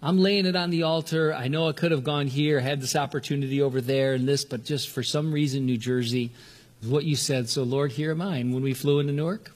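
An older man from Southern California preaching a sermon earnestly, often restarting words and lifting his pitch to stress a point. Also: steady tone, a little fast, darkish tone. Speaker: pastor.

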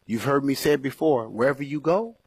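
A man preaching an evening sermon with lively delivery, acting out the voices of people he talks about. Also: a little fast, a little hiss or hum. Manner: animated, acts out pleading voices with sudden high squeals.

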